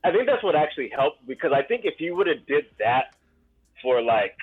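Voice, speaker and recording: A man's voice: on the high side, sing-song, fairly quick, breathy edge, dry recording. A man co-hosting a casual podcast chat in a laid-back, slangy way. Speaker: podcast co-host. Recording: tinny phone-like line, dry.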